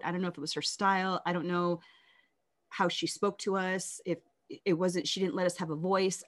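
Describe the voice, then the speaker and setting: A woman with a lowish voice tells her life story in an interview, candid and reflective, frequently halting and starting over.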